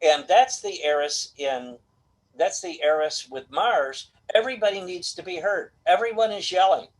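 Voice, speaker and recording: A man's voice: sits high, normal speed, rough recording. A middle-aged man as a guest astrologer on a video call, telling stories and acting out quoted voices in casual chat. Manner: animated storytelling, acts out quoted voices.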